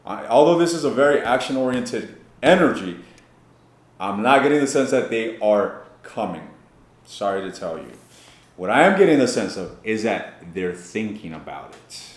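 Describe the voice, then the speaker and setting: A man's voice: lowish voice, big pitch swings, moderate pace, echoey room. A man giving a blunt, profane tarot reading straight to his viewers, teasing them and swearing freely. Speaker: tarot reader.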